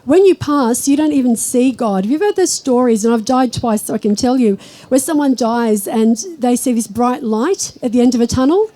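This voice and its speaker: A woman giving a live spiritual talk to an audience, chatty and storytelling, slowing down when she speaks of God. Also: fairly high pitch, animated, dark tone, poor audio. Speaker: spiritual teacher.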